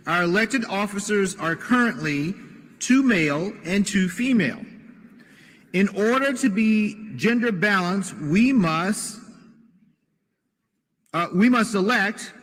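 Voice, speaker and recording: A man's voice: high voice, lively intonation, fairly bright tone. Formal man reading rules in a hall. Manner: formal, with halting restarts. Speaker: party official announcing election rules. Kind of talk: reading a prepared procedural statement. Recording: clip with long hall reverb.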